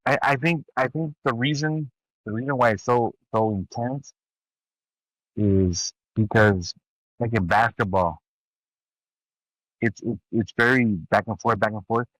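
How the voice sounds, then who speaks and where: A man's voice: mid-range voice, unhurried, pauses often, fairly bright tone, dry recording, rough recording. A man in a casual podcast chat, easygoing, laughing often and saying "bro.".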